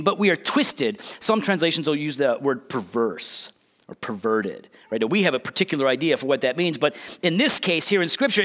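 Middle-aged male pastor mid-sermon, slightly high voice with lively swings, conversational asides. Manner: animated preaching with repeated restarts and asides.

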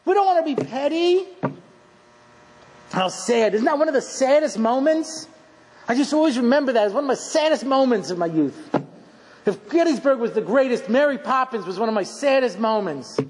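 A middle-aged man giving a rabbi's lecture, telling funny stories in an animated, self-mocking way and acting out scenes. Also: very high-pitched, brisk. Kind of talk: humorous storytelling lecture. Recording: long hall reverb, faint background noise.

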